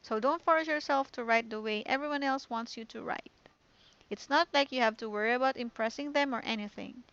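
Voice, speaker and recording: A woman's voice: a little high, fairly quick, fairly bright tone, smooth, dull audio. Woman reading as Monika, a poised teen club president. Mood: encouraging. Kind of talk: reading game dialogue aloud.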